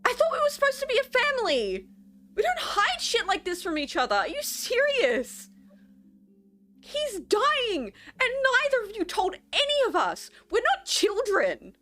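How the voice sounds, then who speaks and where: A woman's voice: very high-pitched, huge pitch swings, sharp tone, faint music behind, pitched above the performer's own voice, full character voice. A woman voicing an angry young woman who confronts her companions in a role-play game. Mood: furious. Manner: accusing, rapid outburst.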